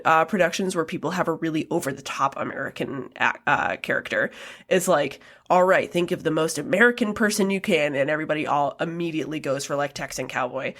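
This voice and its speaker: A woman's voice: sits low, a bit bright. A young adult woman co-hosting a casual film review podcast, chatty, laughing often, with many ums and likes. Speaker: podcast co-host.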